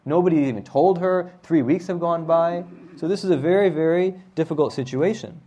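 With a slightly high voice and a dark tone, a man gives a religious lesson, recounting the story casually. He often checks in with his listeners through a quick "right?"

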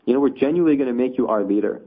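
A man's voice: mid-range voice, rapid-fire. A man teaching a conversational religious lesson, explaining with rhetorical asides. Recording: tinny phone-like audio.

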